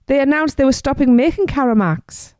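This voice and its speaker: A woman's voice: sits high, lively intonation, fairly quick, a little mellow, dry recording, clean studio sound. A woman co-hosting a fan podcast, chatting and announcing birthdays in a bubbly way. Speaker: podcast co-host. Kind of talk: casual chat.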